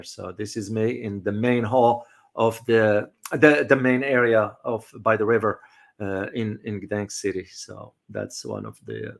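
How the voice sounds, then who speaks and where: A man hosting a casual community discussion, talking in halting bursts with many fillers and repeated words. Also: medium pitch, fairly bright tone. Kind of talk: casual livestream talk.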